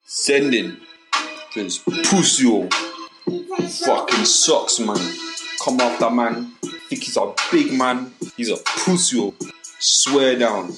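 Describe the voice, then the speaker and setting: A man's voice: mid-range voice, slow, pauses often, natural voice. Man doing a brash grime MC. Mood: boastful. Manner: brash, boastful, repetitive bars. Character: swaggering young male grime MC, bragging rival. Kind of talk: comic diss-track rapping. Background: music beat.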